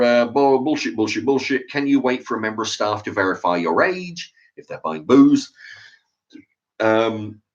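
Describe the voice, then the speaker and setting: A man ranting about a shop argument, swearing and acting out both sides of the exchange. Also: mid-range voice. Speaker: channel host. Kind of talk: ranting monologue. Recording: dull lo-fi sound.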